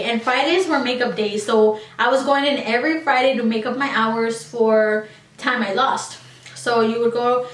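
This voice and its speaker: A woman's voice: a little high, far from the mic. A young woman telling a storytime vlog in a chatty, rambling way, with many likes and ums. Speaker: beauty vlogger. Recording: roomy echo, voice a little off-mic.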